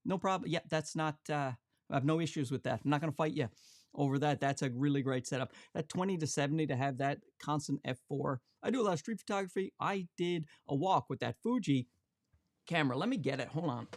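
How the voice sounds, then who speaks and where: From his home studio, a man hosts a camera channel livestream, chatting, joking, and reading viewer comments aloud. His voice is on the high side and a little fast, captured dry on an XLR shotgun mic.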